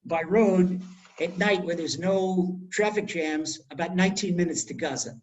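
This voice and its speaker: Middle-aged guy teaching a torah class, storytelling, acts out the quotes, goes loud then quiet. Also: high-pitched, normal speed, rough recording. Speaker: rabbi giving a Torah class. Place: home in Israel.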